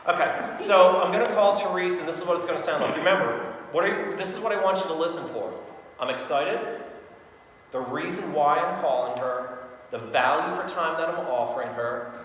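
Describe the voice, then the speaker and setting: A man's voice: a little high, normal speed, a bit bright. A man leading a sales training session, upbeat and acting out both sides of phone calls to show how they should sound. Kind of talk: sales training talk with role-played calls. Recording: echoey hall with faint noise.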